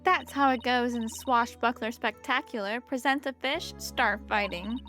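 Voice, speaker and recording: A woman plays a high-voiced, excitable young female lawyer in a game fan dub. She talks in an eager, gushing way. Faint music plays behind her. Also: unhurried.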